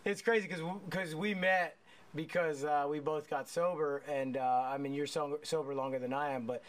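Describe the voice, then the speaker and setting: A man's voice: on the high side, steady tone, moderate pace. A man hosting a casual chat, telling profane stories with a lot of laughter and restarts. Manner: rambling with many restarts.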